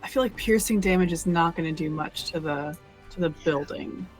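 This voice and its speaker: A woman playing a tabletop game, speaking in a slow, unsure way. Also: on the low side, faint music behind, low-quality recording. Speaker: player. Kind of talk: casual tabletop play.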